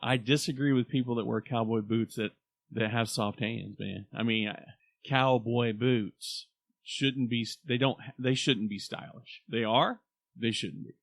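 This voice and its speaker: A man co-hosts a podcast in loud, joking banter. His voice sits in a middle register and sounds dry and close to the microphone, with almost no room around it. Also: medium pitch, steady tone, a little slow, dry recording. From Oklahoma. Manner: boisterous, joking, slips into comic voices. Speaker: podcast co-host. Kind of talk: casual chat.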